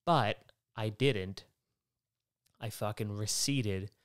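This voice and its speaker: A man's voice: on the low side, slow pace, clear, resonant tone. Profane, exasperated ranting man. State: worked up and tired by the end. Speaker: podcast host. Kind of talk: rambling comedic monologue.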